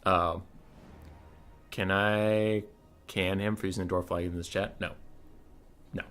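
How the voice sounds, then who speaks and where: A man streaming and casually retelling a story to his chat, animated, exasperated and swearing freely. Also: sits low, takes it slowly.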